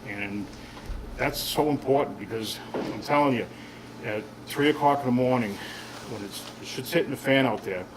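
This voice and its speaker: A man's voice: mid-range voice, far from the mic, background noise. Man in his fifties giving a heartfelt retirement speech. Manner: rambling and heartfelt, with frequent restarts. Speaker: retiring police officer. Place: room at a gathering.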